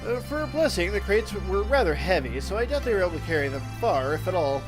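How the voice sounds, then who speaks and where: A man voicing a small, brisk male merchant with a put-on accent while playing a game. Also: sits high, sing-song. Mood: businesslike. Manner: puts on an accent. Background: game music.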